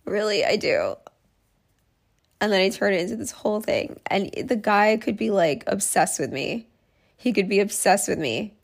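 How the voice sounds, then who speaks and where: Woman podcast host, mid-pitched and gravelly, candid and self-mocking monologue. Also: expressive, normal speed. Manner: frank, self-mocking, talks things through aloud.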